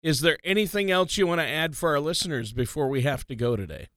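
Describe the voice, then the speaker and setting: A man's voice: fairly high pitch, quick pace, fairly bright tone, dry recording, clean studio sound. A man co-hosting a radio talk show, speaking in an upbeat way as he wraps up the episode. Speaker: radio co-host.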